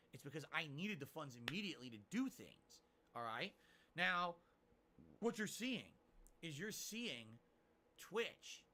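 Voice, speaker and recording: A middle-aged man talks on a live stream, rambling and emphatic as he reads out viewer tips. His voice sits a bit high and comes across bright and forceful. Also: a little hiss or hum. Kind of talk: casual livestream talk.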